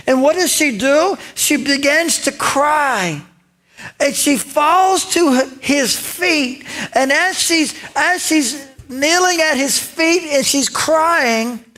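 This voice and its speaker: A male pastor preaching a sermon in a lively storytelling way, acting out lines and talking directly to his congregation. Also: high voice. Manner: conversational asides to the congregation.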